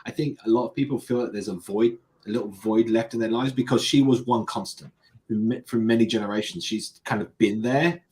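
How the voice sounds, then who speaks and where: A man's voice: on the low side, fairly quick, a little mellow, low-quality recording. A man with a British accent hosting a live tech stream, chatting casually and rambling with many restarts. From United Kingdom. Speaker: livestream host. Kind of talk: casual chat.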